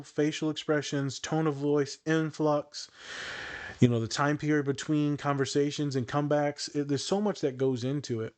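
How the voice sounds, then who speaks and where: A man hosting a casual podcast, teasing his co-hosts and explaining ideas in a counselor-like way. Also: a little high. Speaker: podcast host.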